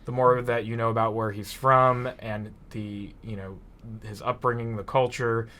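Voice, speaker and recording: A man, an artist, speaking on a podcast in a halting, thoughtful way with many restarts. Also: mid-range voice, little pitch movement, sharp tone. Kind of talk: casual chat.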